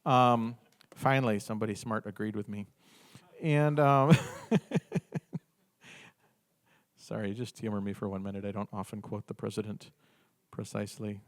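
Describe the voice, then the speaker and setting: A man giving an informal business workshop talk, animated, acting out little dialogues with the audience. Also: lowish voice, normal speed, long pauses.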